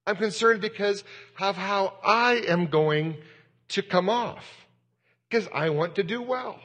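A man's voice: high voice, takes it slowly, fairly bright tone, in a large hall, highs cut off. A man, a pastor, giving a sermon in a candid, self-deprecating and rambling way.

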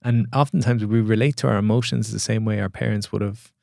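A man's voice: on the low side, fast, creaky, no room sound, studio quality. A man, a podcast guest and coach talking casually and acting out the voices in his stories. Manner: animated storyteller acting out quoted voices.

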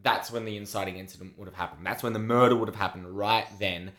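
A man's voice: lowish voice, steady tone, quick pace, fairly bright tone. A man co-hosting a film and TV podcast, chatting casually and rambling with lots of fillers. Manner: rambling, filler-heavy, enthusiastic. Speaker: podcast co-host. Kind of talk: casual chat reviewing a TV show.

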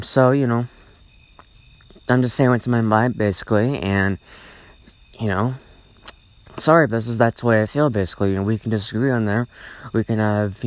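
A man's voice: on the low side, dry recording. Guy ranting on his own podcast, swears a lot, keeps repeating himself, dry close mic. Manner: rambling, repetitive, swears often. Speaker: podcast host. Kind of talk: solo podcast rant.

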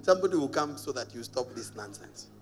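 A man preaching a sermon as a pastor, animated and often laughing at his own stories. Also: medium pitch, brisk, long reverb tail, faint music behind.

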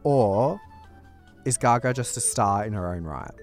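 A young Australian man from Perth co-hosting a podcast, playful and animated as he tells stories. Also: fairly low pitch, measured pace, over music. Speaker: podcast co-host. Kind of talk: casual chat.

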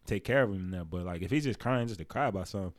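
A young man co-hosting a casual podcast, talking loosely about fatherhood and sometimes jumping into high, animated imitations. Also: very fast, dry recording. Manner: animated storytelling, slips into high mimicking voices. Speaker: podcast co-host.

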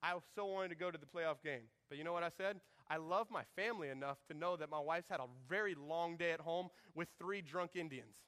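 A man in his thirties preaching a sermon as pastor, animated and joking, acting out quoted lines in shifting voices. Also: fairly high pitch, brisk, few pauses.

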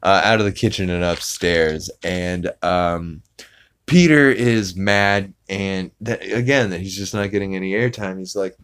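Man, podcast host, low voice, casual rambling recap, fillers. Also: measured pace, a bit bright, clean tone. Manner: rambling, many fillers, acts out quotes.

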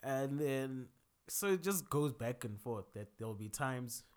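Man, mid-pitched voice, calm measured explaining, casual podcast talk. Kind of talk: casual chat.

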